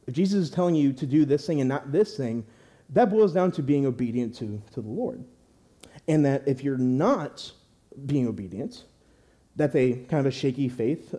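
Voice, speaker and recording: A man's voice: mid-range voice, warm tone. A young man preaching a sermon in church, talking conversationally with restarts and rhetorical questions.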